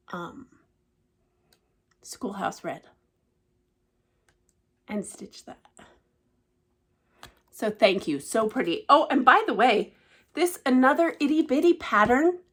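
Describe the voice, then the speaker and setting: A woman vlogging casually about cross-stitch gifts, gushing and emotional, often dropping to a hushed, delighted voice. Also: mid-range voice. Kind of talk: casual show-and-tell vlog.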